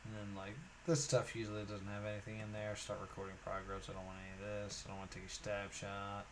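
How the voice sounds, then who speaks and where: A man's voice: lowish voice, monotone, fast talker, noisy background. Musing man thinking aloud over a puzzle. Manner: musing, hesitant, many fillers. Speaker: streamer. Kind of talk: thinking aloud while solving a puzzle game.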